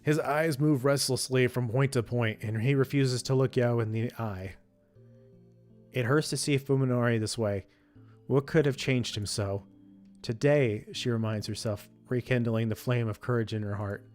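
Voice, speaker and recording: A man reading a visual novel's story text aloud, steady with frequent slips and self-corrections. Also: mid-range voice, normal speed, soft background music. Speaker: let's play streamer reading a visual novel.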